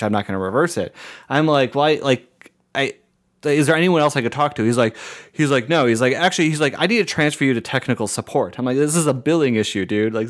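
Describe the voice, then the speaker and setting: A man spins a story in easy, casual chat, jumping into the voices of the people he quotes. His talk is loose and full of "like", and his voice sits at an ordinary middle pitch. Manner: animated, acts out quoted dialogue, lots of "like" fillers, laughs between lines. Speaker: podcast co-host and streamer.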